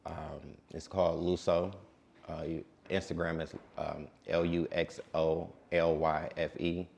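Man, late twenties, very low voice, calm laid-back DJ guest. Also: measured pace, creaky. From Detroit. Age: late 20s. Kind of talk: casual interview.

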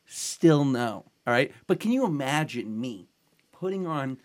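Young man, podcast co-host, animated storyteller, lively swooping pitch. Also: unhurried. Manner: animated storyteller, keeps tagging "all right?". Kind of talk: casual storytelling chat.

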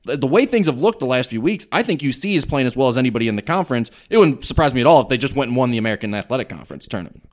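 A man's voice: medium pitch, lively intonation, rapid-fire. A man giving confident, emphatic basketball analysis on a podcast. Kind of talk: casual sports chat.

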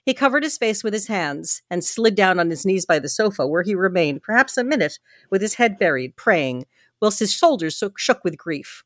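A woman reads a novel aloud at home in a steady narrating voice, with small stumbles along the way. The sound is dry and close. Her pitch sits in a middle range. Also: normal speed, no room sound. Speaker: host reading a novel aloud. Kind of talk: reading aloud with chat.

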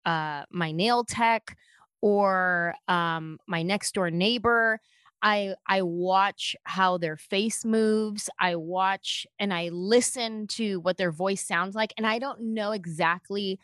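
A woman guest, a comedian, telling stories in lively conversation and slipping into quick voices as she goes. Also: medium pitch, smooth, dry recording, clean studio sound. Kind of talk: animated storytelling in conversation.

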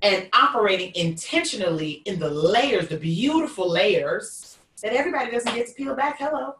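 A woman from New York with a Queens accent hosting a live-streamed conversation. She is expressive and folksy, and she talks to her listeners as "y'all.". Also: medium pitch, normal speed, reverberant, far from the mic, slight background noise. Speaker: host.

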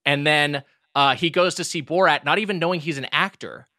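A man co-hosting a podcast, chatting casually and telling excited, rambling stories. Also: fairly high pitch, fairly quick, no echo, clean studio sound. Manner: excited, laughing, tangent-prone storytelling. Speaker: podcast co-host. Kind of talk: casual chat.

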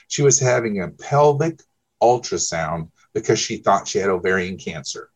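A man's voice: fairly low pitch, animated, a little fast. A man telling client stories as a guest, emphatic and checking in with "okay?" after his points. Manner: emphatic, peppers speech with "okay?". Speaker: insurance broker guest. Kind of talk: conversational storytelling.

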